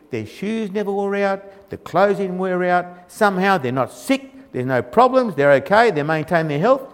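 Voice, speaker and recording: Emphatic preacher in a hall. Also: male voice, sits high, a bit bright. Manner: colloquial, emphatic, mocking quoted grumbling. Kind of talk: sermon.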